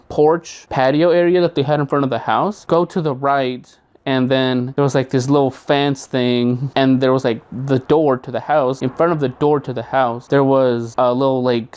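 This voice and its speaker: A man casually telling a funny childhood story, animated and profane, acting out the quotes. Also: medium pitch. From outside the United States.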